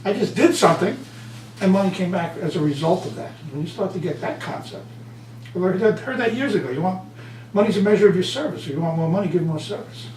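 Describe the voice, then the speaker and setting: A man being interviewed as an author and speaker, telling stories with lively acted-out quotes. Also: sits high, quick pace. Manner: animated storyteller, acts out quotes. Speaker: guest author and motivational speaker. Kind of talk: conversational interview. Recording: roomy, distant mic, faint hum.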